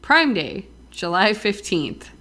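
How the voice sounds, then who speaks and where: A woman's voice: mid-range voice, very animated, slow, pushed and bright, a little hiss or hum. Dry-voiced woman podcast co-host. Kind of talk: casual podcast chat, reading news items.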